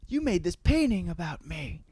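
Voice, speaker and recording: A man voicing a vain, cruel young man who curses through shouted rants and low gloating hisses. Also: very animated, slow pace, gravelly, slightly rough, no echo, exaggerated voice. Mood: raging.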